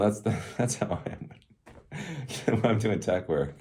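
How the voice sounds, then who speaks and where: A middle-aged man with a notably low voice hosts a casual solo commentary. He rambles in loose, sarcastic asides and breaks into chuckles often. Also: animated, moderate pace, pauses often, darkish tone. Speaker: tech commentary host.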